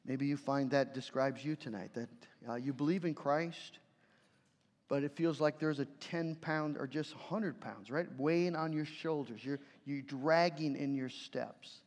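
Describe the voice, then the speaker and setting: A man preaching a sermon as a pastor, earnest, swinging between forceful passages and hushed ones. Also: fairly high pitch, a little slow. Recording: long reverb of a large hall.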